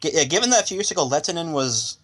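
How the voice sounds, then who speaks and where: A man co-hosting a podcast, chatting about hockey casually with quick quips, his voice dropping low at sentence ends. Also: lively intonation. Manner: agreeable quips, trails off quietly at sentence ends. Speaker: podcast co-host. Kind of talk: casual sports chat.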